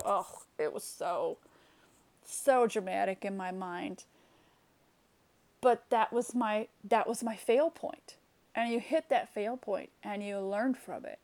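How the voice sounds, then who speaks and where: A woman's voice: on the high side, a little mellow. A woman telling a personal story straight to camera, candid and reflective, with frequent fillers and restarts. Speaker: vlogger.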